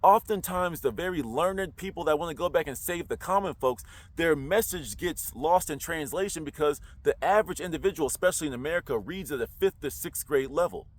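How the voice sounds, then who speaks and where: A man's voice: on the high side, a little fast, hardly any pauses. A man talking casually to camera in a slangy, roundabout way, full of rhetorical questions. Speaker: online commentator.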